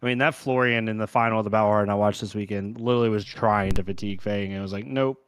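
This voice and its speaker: Matter-of-fact card player, dry sound. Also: male voice, fairly low pitch, fairly even intonation, fast, clean tone, dry recording, poor audio. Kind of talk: casual game strategy chat.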